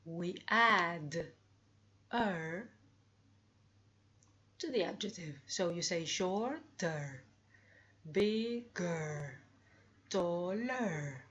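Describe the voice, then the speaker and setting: A woman's voice: fairly low pitch, expressive, fairly bright tone, dull audio. A woman teaching English comparatives, drawing out her examples and cheerfully prompting her students. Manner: slow, drawn-out examples with upbeat prompts. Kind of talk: grammar lesson.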